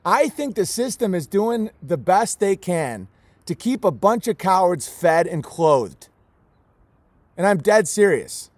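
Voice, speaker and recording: A homesteader who raises goats and chickens rants in an impassioned vlog, emotional and emphatic, repeating the same words over and over and nearly in tears. His high voice swings widely in pitch at a slow pace, with no room sound.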